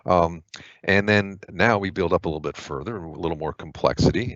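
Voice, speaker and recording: A man's voice: sits low, brisk, a bit bright, dry recording, highs cut off. A man teaching a grammar lesson for test prep in a chatty, informal way, with frequent fillers and offhand asides. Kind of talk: casual explanatory lesson.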